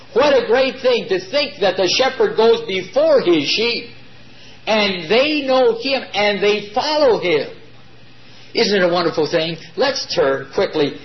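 A man preaching a sermon to his congregation, emphatic and drawing key words out slowly. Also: high voice. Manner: addresses congregation as "beloved". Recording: dull lo-fi recording.

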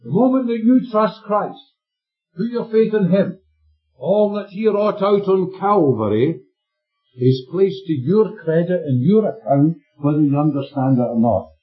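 A man's voice: sits high, expressive, measured pace. A man preaching a sermon with an emphatic delivery, checking in with his listeners through questions. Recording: dull lo-fi recording with faint music.

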